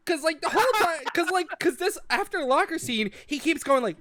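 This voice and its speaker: Animated man retelling a story in silly voices. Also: very high voice, a little fast, hardly any pauses, soft background music. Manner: rambling, mimics characters in exaggerated quotes. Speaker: podcast host. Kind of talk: casual comedic chat.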